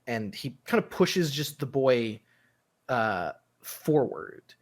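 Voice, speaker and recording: A man narrating a tabletop role-playing game as game master, in a halting way full of fillers. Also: medium pitch, big pitch swings.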